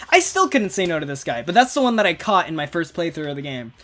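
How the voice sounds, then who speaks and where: A man's voice: a little high, sing-song, fast talker, a bit bright, faint music behind. A man in his twenties giving rambling, casual commentary while playing a video game. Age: 20s. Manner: chatty, rambling, laughs often. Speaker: gaming video creator. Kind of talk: casual let's-play commentary.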